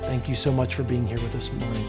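A man, a pastor preaching a sermon and telling a story, rising to loud exclamations and falling soft. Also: mid-range voice, flat delivery, fast talker, over music. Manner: earnest storytelling, builds to loud exclamations then drops soft.

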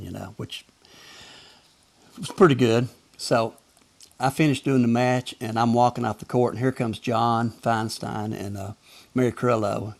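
A man's voice: mid-range voice, gravelly. An older man with a Southern Alabama accent, a former tennis umpire telling chuckling, folksy anecdotes in casual conversation. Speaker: retired tennis umpire guest. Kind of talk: casual storytelling.

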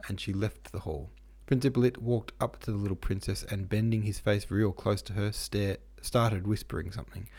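A man's voice: lowish voice, steady tone, moderate pace, hardly any pauses, a little mellow, breathy edge. A man narrating a classic novel in casual, profane modern slang, irreverent in manner.

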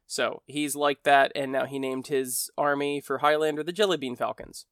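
A man's voice: medium pitch, fairly even intonation, normal speed, fairly bright tone, smooth, no echo, studio quality. An American man hosting a podcast, talking in a rambling, conversational way that often corrects itself mid-sentence. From United States. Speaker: podcast host. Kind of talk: casual monologue podcast.

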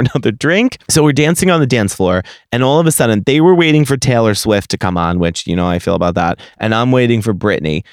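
A young man hosting a podcast, telling a story in a casual, animated and profane way. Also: mid-range voice, clean tone, no echo, studio quality. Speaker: podcast host.

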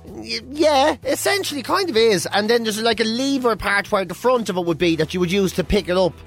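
A man co-hosting a radio chat show who tells stories in a jokey, animated way. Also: sits high, brisk, soft background music. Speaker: radio co-host. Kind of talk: casual chat.

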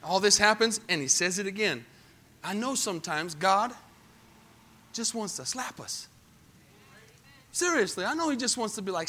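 A man preaching a sermon as pastor, moving between hushed storytelling and loud, emphatic passages and asking the congregation questions. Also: high voice, animated, unhurried, long pauses.

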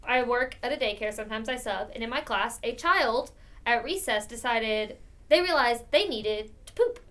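A woman's voice: on the high side, expressive, moderate pace, a bit bright. A woman co-hosting a podcast, telling a story in casual chat, often laughing. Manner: giggly, laughing hard. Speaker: podcast co-host.

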